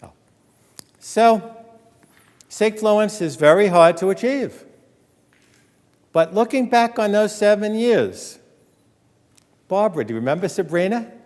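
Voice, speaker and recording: A man giving an animated storytelling lecture as an author, joking with and quizzing his audience in a college hall. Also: high voice, a little slow, long pauses. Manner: animated, acts out quoted dialogue, jokes with audience. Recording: long hall reverb.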